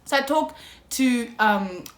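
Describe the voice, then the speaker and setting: A young South African woman telling a storytime vlog, animated and slangy, often calling out to her viewers. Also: on the high side, slow pace. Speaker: YouTuber. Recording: echoey room.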